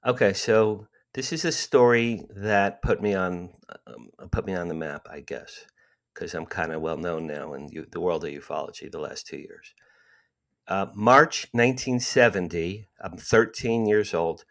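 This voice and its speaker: A man in his sixties with a fairly low voice tells his story with animation. He acts out the dialogue and repeats himself for emphasis, a guest on an interview podcast. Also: unhurried, creaky, fairly bright tone. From New Jersey, USA. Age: 60s.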